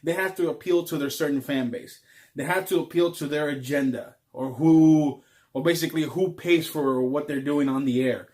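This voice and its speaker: A man's voice: fairly high pitch, normal speed, darkish tone. A man vlogging in a casual ranting monologue, rambling with frequent ums.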